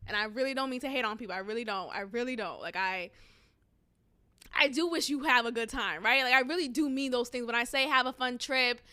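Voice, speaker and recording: A woman's voice: on the high side, a little fast, sharp tone. A young woman hosting her own podcast, chatting candidly and frankly, swearing and laughing often as she vents her frustration. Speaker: podcast host. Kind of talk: casual solo podcast chat.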